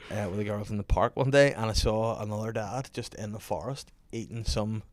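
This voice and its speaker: A man, hosting a casual podcast and telling animated, sweary stories about his kids with frequent laughter. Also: lowish voice, brisk, dry recording. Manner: animated storyteller, laughs often, swears freely. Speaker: podcast host. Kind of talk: casual chat.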